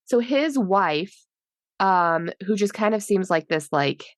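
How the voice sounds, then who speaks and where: A woman's voice: medium pitch, animated, takes it slowly, dry recording, clean studio sound. A woman co-hosting a podcast, chatting casually about a horror film, laughing often and gushing about what she loved. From New England. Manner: laughing, gushing, fond of the characters. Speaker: podcast co-host. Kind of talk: casual film review chat.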